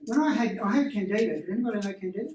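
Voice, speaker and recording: Man leading a workshop, lively and animated, recorded from across an echoey room. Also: sits high, rapid-fire, slight background noise. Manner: animated storyteller who acts out voices. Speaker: energy healing workshop presenter. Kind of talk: casual teaching talk to a small group. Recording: roomy, distant room mic.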